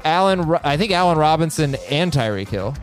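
A man hosts a chatty podcast, reading listener emails aloud. His voice sits a bit high and swings widely in pitch. He jokes and laughs as he reads, with soft music playing underneath. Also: a little fast. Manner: animated, joking, laughs while reading. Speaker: podcast host.

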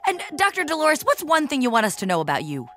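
A woman's voice: high-pitched, wildly swooping pitch, fast, a bit bright, soft background music. Upbeat woman hosting a game show.

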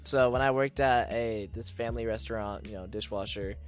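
A man's voice: lowish voice, fairly quick, faint music behind. A young man, a guest on a podcast, telling stories in a rambling casual chat full of fillers. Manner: rambling with many fillers and laughs.

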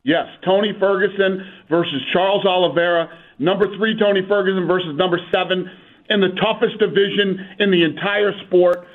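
A man calling in as a guest on a radio show, talking up fights with brisk enthusiasm and reeling off stats. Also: sits high, steady tone. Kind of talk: phone-in radio interview. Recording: tinny phone line.

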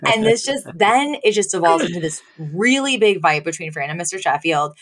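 A woman's voice: lowish voice, normal speed, crowd noise. A woman co-hosting a podcast, retelling a sitcom episode in casual chat and laughing often. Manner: animated storyteller, laughs often. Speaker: podcast co-host.

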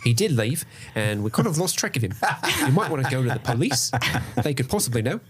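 A man's voice: medium pitch, very animated, quick pace, a little hiss or hum. A man co-hosting a podcast, casually teasing and joking about a TV episode. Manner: playful, teasing, laughs at his own jokes. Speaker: podcast co-host. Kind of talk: casual recap chat.

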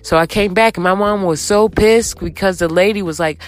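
A young woman telling a candid storytime to her viewers, chatty and animated, acting out quotes as she goes. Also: medium pitch, moderate pace, soft background music. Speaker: vlogger. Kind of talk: casual storytime.

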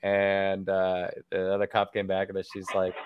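A man's voice: deep voice, completely flat delivery, moderate pace, clear, resonant tone, dry recording, highs cut off. A man in his late thirties, a podcast guest casually telling a story, laughing at himself and acting out the lines he quotes. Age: 30s. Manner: laughing, self-deprecating, acts out quotes.

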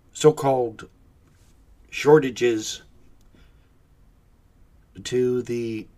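A man's voice: mid-range voice, a little mellow. A man giving ranting commentary in a sarcastic, mocking manner.

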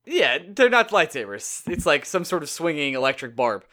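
A man co-hosting a casual podcast chat, excitable and animated as he tells stories. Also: fairly high pitch, moderate pace. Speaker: podcast co-host.

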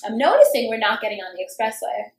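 Young woman kinda high voice, animated chatty storytelling, roomy echo. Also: quick pace. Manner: animated, acts out quotes, swears freely. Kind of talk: casual storytelling chat.

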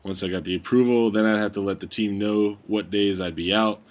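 Deep-voiced man talking casually. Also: steady tone, fairly quick. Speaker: guest recalling studio work. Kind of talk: casual conversation.

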